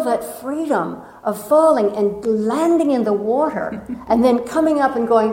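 A slightly high-voiced woman gives a spiritual talk to a live audience in an echoey meeting room. As the teacher, she recites a poem slowly, tells stories animatedly, and playfully prompts the audience to inspire them.

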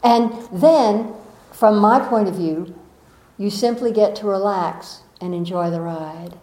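A woman speaking as a spiritual teacher gives a gentle, coaxing inspirational talk, frequently posing rhetorical questions to her listeners. Her voice is mid-range and she speaks slowly. The audio is poor and reverberant.

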